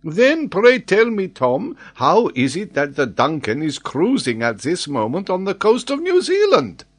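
A man reading the lines of an excitable geographer, exclaiming in a raised, high voice in an audiobook. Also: a little slow, exaggerated voice. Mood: stupefied. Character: excitable male geographer, stupefied.

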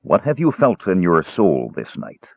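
A man's voice: deep voice, huge pitch swings, measured pace, vocal fry, husky, dry recording, exaggerated voice. A man voicing a stern, solemn old male elf cleric who appears as a ghostly spirit. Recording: tinny phone-like dry sound.

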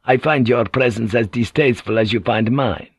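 A man voicing a stiff, coldly formal Jesuit priest who speaks in a measured way. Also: medium pitch, slightly rough, no echo.

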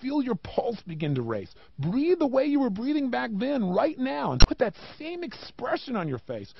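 A man giving a motivational talk, emphatic and animated, with many rhetorical questions and a gravelly voice. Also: extremely high pitch, moderate pace, dull audio, noisy background. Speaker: motivational speaker.

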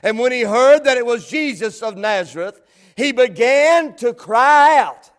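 Preacher, middle-aged man, very high voice, fervent shouted cadence. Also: lively intonation, measured pace. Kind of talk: sermon.

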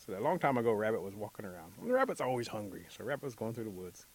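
A man telling a traditional story as a guest, in a relaxed, animated way. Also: on the low side, racing.

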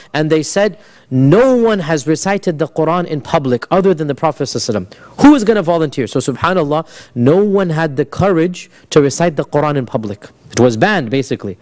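A man teaching a history class in a relaxed, conversational way, his voice sitting a little above the usual male range. He asks his students questions and slips Arabic phrases into his English. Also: fairly high pitch. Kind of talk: classroom lecture.

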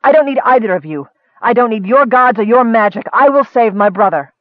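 A man voicing a fierce, defiant young woman warrior who speaks loudly and sharply. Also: extremely high pitch, lively intonation, a little fast, dry recording, narrow, tinny audio, voice pushed up. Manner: loud, sharp and indignant.

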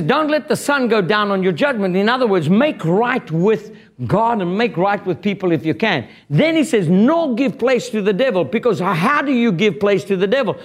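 A man preaching a sermon in an animated, blunt and joking way, quoting scripture and retelling a fable. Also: high voice.

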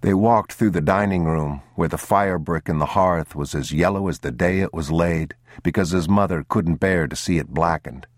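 Male audiobook narrator, very deep and unhurried, somber, dry close-mic sound. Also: dry recording. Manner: measured and somber. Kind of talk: scripted literary narration.

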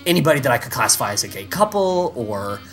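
Male podcast host, animated and exasperated, with a lively pitch and faint music underneath. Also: fast. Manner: animated storytelling with exasperated asides. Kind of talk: casual chat.

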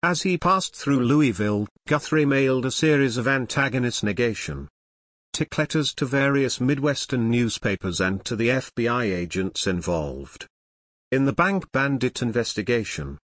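Male narrator for a true-crime book: measured and expressive, with a lively rise and fall, recorded dry. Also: medium pitch, dry recording.

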